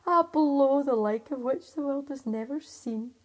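A woman storyteller voicing a boastful, cheeky little male tailor in an excited high voice. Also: slow, heavily acted. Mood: triumphant.

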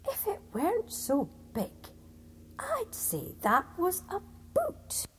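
A woman storyteller voicing a boastful, cheeky little male tailor in an excited high voice. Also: slow, background noise, heavily acted. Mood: bold.

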